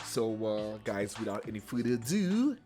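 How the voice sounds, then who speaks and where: A man's voice: fairly low pitch, sing-song, normal speed, dark tone, faint music behind. A man hosting a reaction video, chatting casually and affirming often as he watches. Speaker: reaction channel host.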